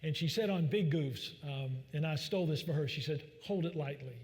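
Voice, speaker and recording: Talking fairly quickly in a slightly high, mellow voice, a man who's a doctor entertains a crowd in a large church hall. It's a folksy public talk full of jokes and fillers, with the hall's long reverb trailing behind.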